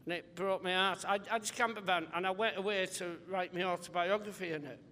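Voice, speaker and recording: A male comedian guest on a live podcast interview, telling rambling, animated anecdotes and acting out other people's voices. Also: sits high, fast, in a large hall, slight background noise.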